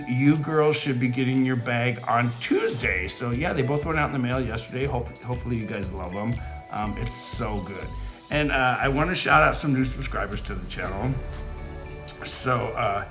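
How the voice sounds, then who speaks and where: A man hosting a beading channel, chatting casually from home in a rambling way with lots of fillers, his voice quivering with emotion. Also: mid-range voice. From California. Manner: rambling, warm-hearted, many fillers. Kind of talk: casual chatty vlog intro. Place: home, near a fountain and wind chimes.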